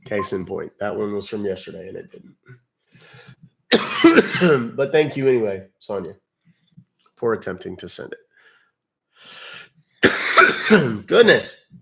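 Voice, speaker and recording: A man with a slightly low voice chats his way through a live stream, loose and unscripted. He talks in a folksy, rambling manner, dropping in "uh"s and mild old-fashioned exclamations as he goes. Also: big pitch swings, takes it slowly, vocal fry, pauses often, a bit bright. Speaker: live-stream host baiting scam callers. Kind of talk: casual live-stream chat.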